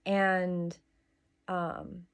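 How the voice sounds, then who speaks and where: A woman hosting a morning devotional, talking in a soft, musing way with pauses and small restarts. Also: lowish voice, little pitch movement, clear, resonant tone. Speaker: devotional host. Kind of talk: reflective morning devotional talk.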